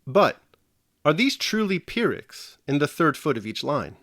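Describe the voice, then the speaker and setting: Speaking straight to viewers, a man delivers a scripted video lesson, walking through each step in a measured way. His voice sits on the high side and is lively, rising and falling a lot. The close, dry recording carries no room sound.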